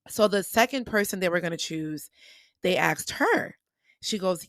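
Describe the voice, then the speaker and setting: A young adult woman hosting a podcast and telling personal stories in a lively way, acting out what people said to her. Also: medium pitch, moderate pace, no echo. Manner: animated, acts out quoted dialogue. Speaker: podcast host. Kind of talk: personal storytelling monologue.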